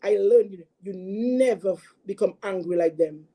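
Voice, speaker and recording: A woman with a very dark, mellow voice and a husky edge tells her own story in an interview. She talks earnestly and haltingly, circling back and repeating words as she goes. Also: mid-range voice. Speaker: guest sharing a personal story. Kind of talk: emotional personal testimony.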